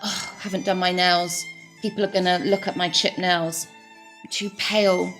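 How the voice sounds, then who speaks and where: A woman's voice: lowish voice, level tone, fairly bright tone, soft background music. A woman voicing her own harsh inner critic, firing off scornful insults and anxious worries. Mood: fretful. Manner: berating, rapid-fire insults.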